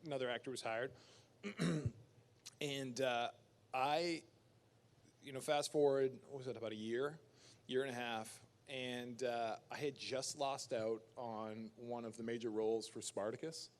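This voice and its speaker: A man from Canada at a fan convention panel, talking casually into a handheld mic. His voice sits mid-range and leaps up when he acts out other people. He is a lively storyteller who laughs easily. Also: medium pitch, measured pace.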